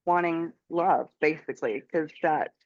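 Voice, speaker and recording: A woman talking with a coach in a chatty, animated way, laughing easily, heard over a video call. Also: low-pitched, measured pace, dull audio, a crowd in the background. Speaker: coaching client. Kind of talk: casual conversation.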